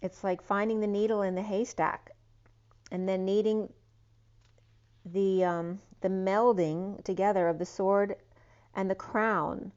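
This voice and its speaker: A woman's voice: medium pitch, steady tone, a little slow, long pauses, darkish tone, highs cut off. A woman giving a spiritual tarot reading, wandering from one association to the next with frequent ums and trailing asides. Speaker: tarot reader.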